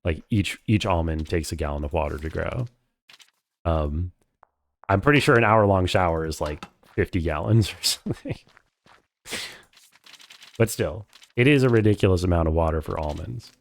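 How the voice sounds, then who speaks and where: A man's voice: low voice, animated, normal speed, creaky, long pauses. A man casually commenting while he plays a story game, chatty and wry and thinking aloud. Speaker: game streamer.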